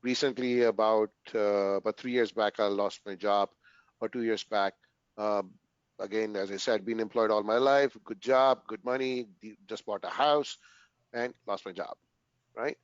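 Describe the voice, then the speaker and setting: A man speaking as a guest in a casual interview, earnest and talking in short bursts that he often ends with "right?", pausing and restarting his sentences. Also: fairly low pitch, fairly even intonation, clear, resonant tone, no echo, dull audio.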